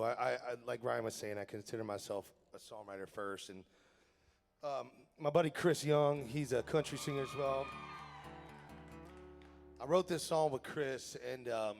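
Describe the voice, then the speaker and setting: Laughing singer in an echoey theater. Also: male voice, mid-range voice. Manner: self-deprecating, laughing, loose storytelling. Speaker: country singer-songwriter performing live. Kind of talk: onstage banter and storytelling between songs. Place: theater stage at a live benefit show. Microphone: stage microphone. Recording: live theater hall echo with guitar.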